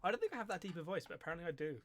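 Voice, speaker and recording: A man from Hampshire with a Southern English accent, hosting a relaxed livestream chat and playfully trying out voices. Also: very fast, no room sound. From Hampshire, England. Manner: playful, slips into comic accents and squeaky voices. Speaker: streamer host.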